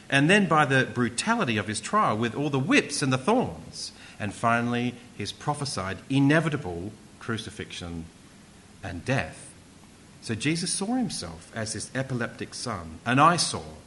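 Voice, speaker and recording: Male pastor, middle pitch, animated delivery, quizzes the room, faint background hiss. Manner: questions the congregation, repeats words for emphasis. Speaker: preacher. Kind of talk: interactive sermon.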